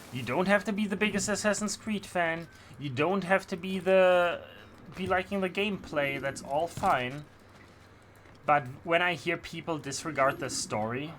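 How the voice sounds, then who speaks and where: A man talks through a video game stream in a casual, rambling way, passionate and opinionated. His pitch sits in the middle range for a man. Game music plays clearly behind him. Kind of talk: casual gameplay commentary.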